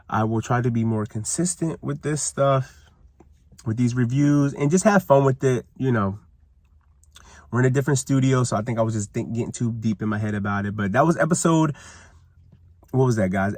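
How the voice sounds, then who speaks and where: A man's voice: mid-range voice, no room sound, clean studio sound. Rambling man recapping a TV episode. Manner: rambling, heavy on "like" and "you know". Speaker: TV recap vlogger. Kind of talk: casual reality-TV recap rant. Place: outdoors. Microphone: camera he is holding or propping up.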